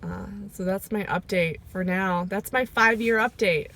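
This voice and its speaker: A woman recording a personal video diary, talking reflectively and emotionally, pausing often with fillers as she goes. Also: mid-range voice, pushed and bright. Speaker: vlogger. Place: sitting in her car. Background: rain.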